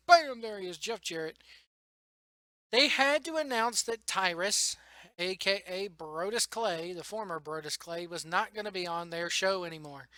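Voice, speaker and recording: Tired excitable man rambling about wrestling. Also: sits high, no echo. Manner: rambling, excitable, laughs often. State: tired late at night. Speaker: wrestling vlogger. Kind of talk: casual solo commentary.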